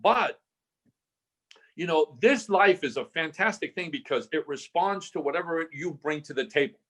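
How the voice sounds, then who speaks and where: Animated older man telling stories. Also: on the high side, normal speed. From Southern California. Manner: animated storyteller, acts out quoted voices, many restarts. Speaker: guest. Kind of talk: storytelling in a podcast interview.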